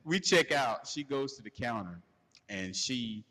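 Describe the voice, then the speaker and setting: A man hosting a podcast, telling a crude comedic story in a loose, animated way and laughing as he goes. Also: mid-range voice, a little slow. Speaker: podcast host. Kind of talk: casual comedic storytelling rant. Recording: long hall reverb.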